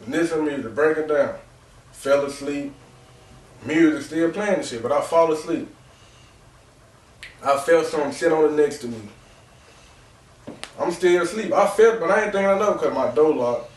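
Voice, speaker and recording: Young man telling a raw story, echoey. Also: medium pitch. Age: 20s. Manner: raw, rambling, emotional, with repeated asides like "real talk" and "bro". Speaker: podcast host. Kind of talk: candid personal storytelling. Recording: echoey room, distant mic.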